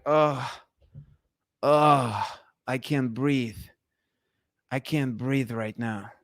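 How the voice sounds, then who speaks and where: A man's voice: a little high, fairly bright tone. A man hosting a casual live stream, reading viewer comments in a playful, emphatic way that repeats itself. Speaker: livestream host.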